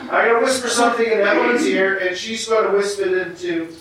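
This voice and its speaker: A man's voice: high-pitched, steady tone, fast, few pauses, fairly bright tone, distant mic, a little hiss or hum. A man preaching a sermon as pastor, casual and self-deprecating, with lots of fillers. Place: church sanctuary. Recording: very echoey church room from afar.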